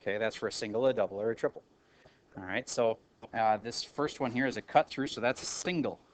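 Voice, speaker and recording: Male math teacher, casual and self-correcting, mid-pitched, classroom recording with faint noise and clicks. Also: a little fast. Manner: casual, self-correcting, calls on students by name. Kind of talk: classroom lesson at a whiteboard.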